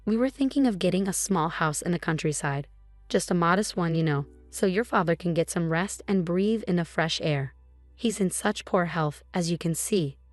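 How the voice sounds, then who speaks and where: A woman's voice: lowish voice, moderate pace, no room sound, soft background music, lightly acted. Woman reading as a pushy scheming mother-in-law. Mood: coaxing. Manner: sweetly insistent, dismissive.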